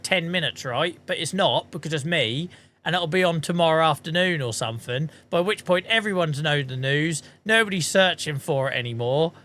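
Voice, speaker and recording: Brief: male game streamer, slightly high voice, loose chatty self-mockery. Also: bright, forceful tone. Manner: chatty, self-mocking, swears casually. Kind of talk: casual livestream chat.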